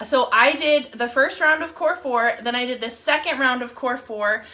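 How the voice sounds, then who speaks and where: A woman's voice: high voice, moderate pace, sharp tone. A young adult woman chatting casually on a live video, gushing and rambling with lots of fillers. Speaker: wellness app promoter.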